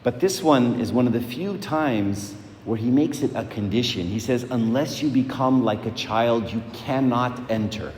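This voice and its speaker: A man's voice: medium pitch, a little mellow. A man preaching a sermon in a conversational way, repeating words and asking rhetorical questions. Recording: echoey hall, faint noise.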